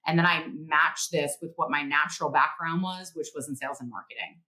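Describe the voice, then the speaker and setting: Bright-voiced woman telling animated stories. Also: low-pitched, a little fast, low-quality recording. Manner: animated, laughing storyteller, acts out quotes. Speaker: guest author and publisher. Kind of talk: podcast interview, storytelling.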